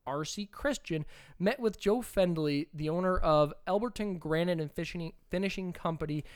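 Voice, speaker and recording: A man co-hosting a podcast, telling a story in casual chat with animated, emphatic delivery. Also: high voice, normal speed, smooth. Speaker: podcast co-host.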